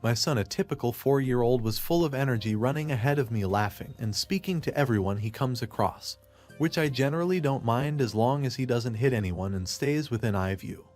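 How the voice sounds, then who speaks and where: A man narrating a first-person story in a plain, steady way. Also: medium pitch, fairly quick, soft background music.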